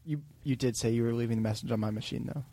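A man's voice: medium pitch, rapid-fire, dark tone, no echo. A man on a comedy podcast doing a mock-angry rant, sputtering and repeating his words. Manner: sputtering, repeats himself when ranting.

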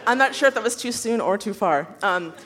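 A woman's voice: a little high, lively intonation, a little fast, fairly bright tone, a faint crowd. A woman speaking from the audience at a live podcast, giggly and a bit nervous. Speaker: audience member asking a question. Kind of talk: casual live Q&A chat.

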